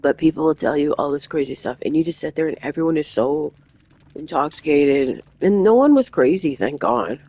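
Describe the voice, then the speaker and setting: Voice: medium pitch, expressive, normal speed, a little mellow, poor audio. A gaming streamer telling a long anecdote in a casual, rambling way, full of restarts and asides. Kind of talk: casual storytelling while gaming.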